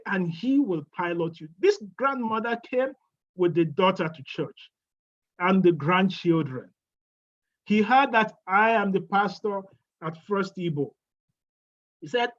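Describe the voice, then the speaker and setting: A woman's voice: lowish voice, expressive. A woman pastor preaching a funeral sermon, asking rhetorical questions and answering them herself. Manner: slow, deliberate preaching. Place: church. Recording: dull lo-fi church recording.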